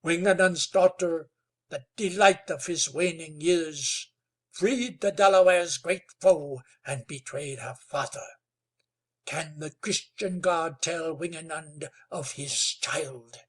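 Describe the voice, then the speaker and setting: A proud old chief speaks slowly and calmly, with grave dignity, as the narrator puts him on. His voice is husky and unhurried, and every phrase comes out measured and solemn. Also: on the high side, heavily acted. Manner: slow, calm, sonorous.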